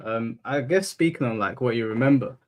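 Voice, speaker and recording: A man's voice: medium pitch, fairly quick, darkish tone. A man hosting a casual interview, asking questions hesitantly with lots of fillers. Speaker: host.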